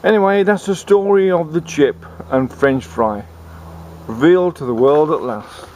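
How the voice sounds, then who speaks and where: A man's voice: fairly high pitch, animated, normal speed, background noise. Rambling male comic storyteller. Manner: rambling, repeating words.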